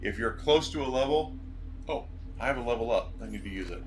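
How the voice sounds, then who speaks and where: A man's voice: medium pitch, lively intonation, fairly quick, slight background noise. A man streaming a video game, chatting casually and rambling as he plays. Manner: rambling, self-correcting, chatty. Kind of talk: casual gameplay commentary.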